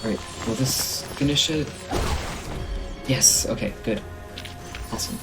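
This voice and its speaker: A man's voice: medium pitch, unhurried, over loud music, low-quality recording. A man streaming a game, chatting casually and enthusiastically with lots of fillers.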